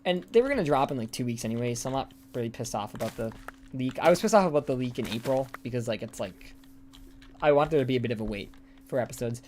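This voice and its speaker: A young American man rambles and swears freely in casual chat while live-streaming a game. His mid-range voice is animated, fast and a little dark in tone, with slight background noise. He's indoors in a room beside a hallway.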